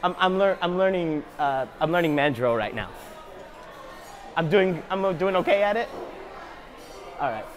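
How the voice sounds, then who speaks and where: A man's voice: sits high, expressive, measured pace, pauses often, faint music behind. A playful young man, a voice impressionist, chatting casually. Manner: playful and self-mocking. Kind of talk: casual chat.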